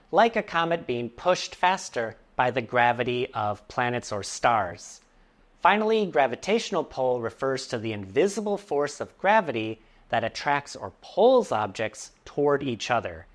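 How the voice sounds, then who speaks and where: An English teacher giving a scripted vocabulary lesson, explaining words clearly and slowly, with playful asides. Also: medium pitch.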